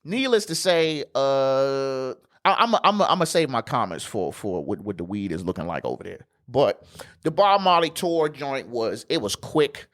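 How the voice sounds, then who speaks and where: A man's voice: mid-range voice, big pitch swings, moderate pace, fairly bright tone. A man hosting a podcast, telling a travel story in a loose, slangy, profane way with plenty of fillers. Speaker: podcast host. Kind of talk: casual storytelling.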